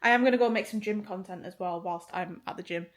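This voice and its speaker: Talking fast at a medium pitch, a young vlogger from Liverpool chats her way through the day inside her home kitchen and flat. Her faint Northern English accent comes through as she swears freely and laughs often into a handheld phone or camera.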